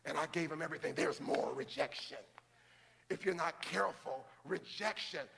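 A man preaching a sermon as pastor of a large church, building to shouted calls to the congregation. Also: on the high side, moderate pace, vocal fry, long reverb tail. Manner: preaching, rising to shouted call-and-response.

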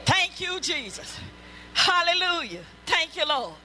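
A woman's voice: extremely high pitch, big pitch swings, unhurried, bright, forceful tone, slight background noise, rough recording. A woman pastor delivering a sermon, emphatic and repetitive, breaking into calls of praise.

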